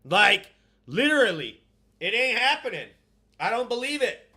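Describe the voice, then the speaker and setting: A man hosting a live stream on his own, reading out viewer comments and giving shout-outs in a loud, profane, hyped way. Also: extremely high pitch, very animated, normal speed. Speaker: host.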